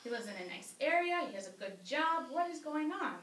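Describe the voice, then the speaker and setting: A woman voicing a stern male judge who makes authoritative demands. Her voice is bright and high, and it echoes from afar. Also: animated, brisk, a little hiss or hum. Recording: roomy, distant live-stage mic.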